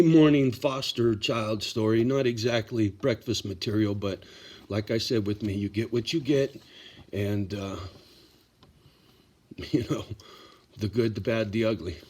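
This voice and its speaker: A man's voice: fairly low pitch, darkish tone, husky. A middle-aged man telling a personal story in a casual vlog, blunt and profane, getting worked up as he talks. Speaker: vlogger.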